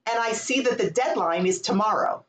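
Candid, animated woman in a roomy space. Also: mid-range voice, normal speed. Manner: candid, animated, swears freely. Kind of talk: casual storytelling conversation. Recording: roomy echo.

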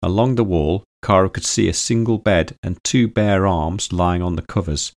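Low-voiced male audiobook narrator. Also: moderate pace, no echo, studio quality. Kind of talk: audiobook storytelling.

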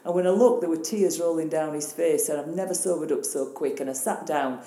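A Northern English woman in her sixties, a guest telling a personal story in an interview, blunt and animated, swearing freely. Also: low-pitched, a little fast, reverberant. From Northern England. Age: 60s.

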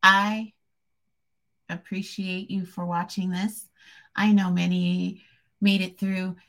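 A woman talking to camera in a rambling, heartfelt vlog, soft-spoken and a little tearful. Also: lowish voice, flat delivery, takes it slowly. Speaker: vlogger. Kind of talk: emotional personal vlog.

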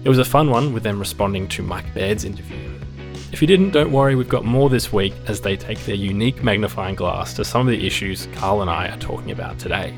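Friendly podcast host guy, lowish voice, guitar playing under him. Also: brisk. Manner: upbeat, friendly scripted delivery. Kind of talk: podcast intro and interview. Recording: music bed under the voice.

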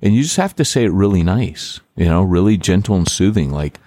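A deep-voiced man chats on a podcast, animated and loose, peppering his talk with "like" and restarting his sentences. The sound is close and dry, with no room around it. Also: brisk, dry recording. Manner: animated, filler-heavy, lots of "like" and restarts. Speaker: podcast host and church planter. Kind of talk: casual podcast chat.

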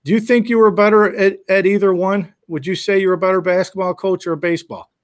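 A man interviews a coach he once played for, his voice sitting a touch higher than most men's. He is friendly and affirming, chiming in on the stories and asking open questions. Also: fairly even intonation, fast. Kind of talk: casual interview.

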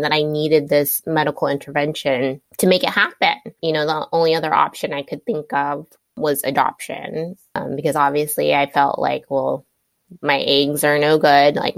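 A woman's voice: sits low, vocal fry, no room sound. A woman guest telling a personal story in a candid, chatty way, full of "you know" and "like". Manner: candid, frequent "you know" and "like" fillers, laughs between thoughts. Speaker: interview guest.

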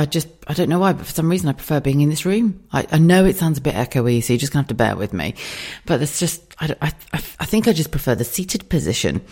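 A woman in her thirties hosting a casual solo podcast from her kitchen late at night, chatty and quick to laugh and swear. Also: low-pitched, darkish tone. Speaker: podcast host. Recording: slightly echoey kitchen.

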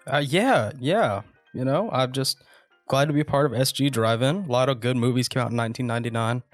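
A man's voice: mid-range voice, fairly quick, faint music behind. A young adult man, a guest on a podcast, chatting in an easygoing, slightly hesitant way. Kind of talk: casual chat.

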